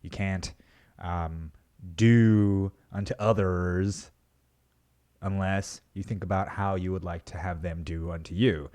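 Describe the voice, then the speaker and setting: A man's voice: deep voice, steady tone, slow, a little mellow. A young adult man hosting his own podcast, talking in a rambling, self-mocking way and swearing casually. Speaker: podcast host. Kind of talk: casual solo podcast monologue.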